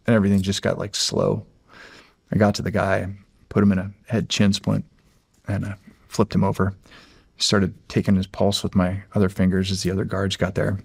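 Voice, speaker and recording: Gravelly middle-aged man telling a story. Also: low voice, dry recording, studio quality. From United States. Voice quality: gravelly, husky voice. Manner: halting, with many restarts and fillers. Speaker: guest, former Navy SEAL. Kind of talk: casual storytelling.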